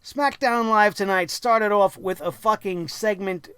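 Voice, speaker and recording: A man's voice: high voice, a little slow, a bit bright, smooth, dry recording. A man hosting a wrestling review show, ranting angrily and sarcastically with lots of profanity.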